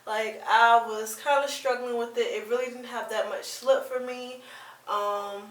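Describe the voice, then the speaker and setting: A woman talks through a casual product review in a chatty, rambling way, often restarting and filling pauses. Her voice sits a little high. She sounds set back from the mic in an echoey room. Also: fairly even intonation, recorded from a distance. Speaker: beauty vlogger.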